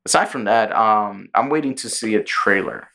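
A man's voice: fairly low pitch, normal speed. A man co-hosting a podcast in casual chat, telling stories and acting out the people he quotes. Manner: animated storyteller, acts out quoted people, swears freely. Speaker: podcast co-host.

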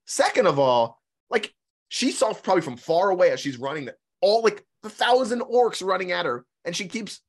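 A man co-hosting a podcast in casual chat, blunt and excitable, laughing often. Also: high-pitched, moderate pace. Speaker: podcast co-host.

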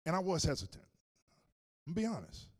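A male pastor preaching a sermon, telling a story with animated swings between loud and hushed. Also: sits high, quick pace, breathy edge.

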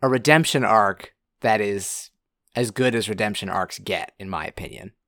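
A podcast co-host weighing opinions in a measured, thoughtful way during a casual film discussion. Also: sits low, a bit bright, dry recording.

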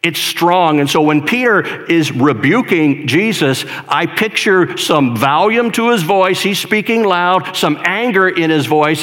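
A man preaching a sermon in a conversational, emphatic way, dropping to a hush and then building to loud stress. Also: on the high side, lively intonation, a little slow, hardly any pauses. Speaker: pastor.

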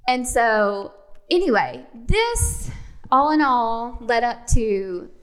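Candid woman telling a story, fairly high. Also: very animated, takes it slowly. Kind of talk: casual storytelling chat.

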